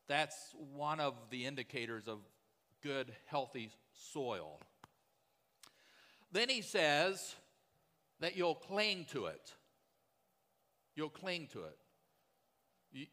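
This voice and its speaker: A man's voice: a little high, a bit bright, big-room sound. A man preaching a sermon as a pastor, telling stories in a conversational way and often checking in with "right?".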